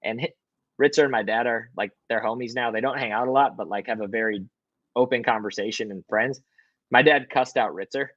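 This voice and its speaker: A young man, a podcast guest, telling a personal story in a lively, swearing way and acting out quotes, in a hotel room. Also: medium pitch, fairly quick, no echo, lo-fi sound. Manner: animated, swears, acts out quotes. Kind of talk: casual storytelling.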